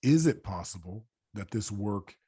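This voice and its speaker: A man's voice: fairly low pitch, expressive, measured pace, mellow, breathy edge. A man hosting a podcast, asking long, rambling questions and affirming his guest enthusiastically. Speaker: podcast host. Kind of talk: podcast interview.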